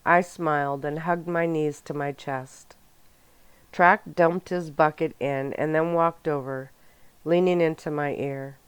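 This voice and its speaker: A woman narrating a first-person novel in a calm, soft-spoken ASMR audiobook reading. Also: sits low, measured pace, clear, resonant tone, no room sound.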